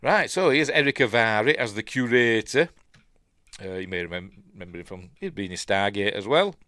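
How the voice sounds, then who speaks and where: A man with a Yorkshire accent gives a relaxed, rambling film breakdown, drifting into asides. His voice sits fairly low but swings a lot in pitch. The recording is dry and close. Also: moderate pace, no room sound. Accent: Yorkshire English. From Yorkshire, England. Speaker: film reviewer. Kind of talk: casual film breakdown commentary.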